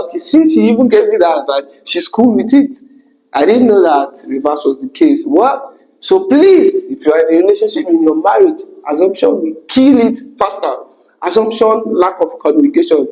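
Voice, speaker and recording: A young man telling an emotional personal story, animated and breaking into high exclamations. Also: rough recording. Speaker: vlogger.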